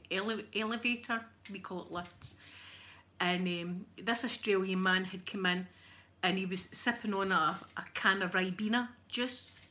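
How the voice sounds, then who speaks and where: A woman's voice: mid-range voice, fairly bright tone. A middle-aged Scottish woman chatting casually on a livestream while she irons, telling stories and laughing often. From Scotland. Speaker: ASMR livestream host.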